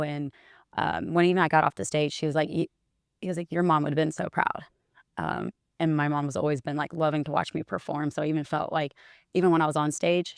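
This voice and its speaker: A woman's voice: deep voice, clear, resonant tone, no echo, clean studio sound. A young woman, chatting as an interview guest and telling stories while quoting others. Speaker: interview guest, wellness bodybuilder. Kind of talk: casual interview chat.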